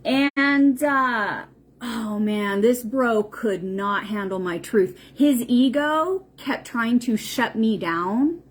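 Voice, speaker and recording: A woman's voice: a little high, takes it slowly. A woman hosting a livestream, talking casually and bluntly, with frequent profanity and emphatic repetition. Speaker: spiritual livestream host. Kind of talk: casual unscripted livestream talk.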